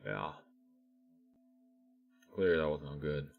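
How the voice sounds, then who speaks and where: A man's voice: a bass voice, expressive, slow, gravelly, narrow, tinny audio, faint music behind. A man vlogger giving casual, rambling commentary with many restarts and fillers.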